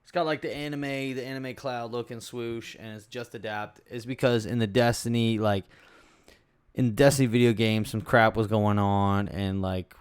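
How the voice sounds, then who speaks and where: On this studio-quality recording with no room sound, a young adult man talks through a solo podcast at a moderate pace. His mid-range voice is clear and resonant, with fairly even intonation, and he rambles through tales in a loose, laid-back, profane manner.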